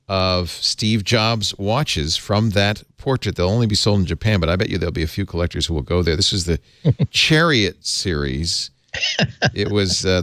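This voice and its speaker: A deep-voiced man hosts a casual tech chat, pausing often with hesitant fillers. His voice sits close and dry on the studio mic. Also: a bit bright, no echo. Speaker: host.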